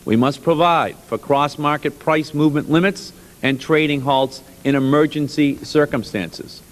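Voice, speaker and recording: A man chairing a congressional subcommittee hearing, reading a formal opening statement in a measured, emphatic way and clearing his throat now and then. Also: fairly high pitch. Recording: archival hearing room audio with long reverb.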